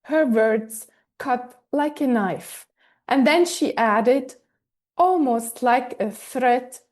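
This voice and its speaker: A woman podcaster narrating a personal story in a measured, scripted way. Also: a little high. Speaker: podcast host and author.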